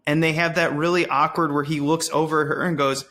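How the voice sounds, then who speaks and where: A man's voice: on the high side, flat delivery, brisk, bright, forceful tone. A man hosting a podcast in casual chat, jokey, laughing as he retells movie scenes. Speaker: podcast host.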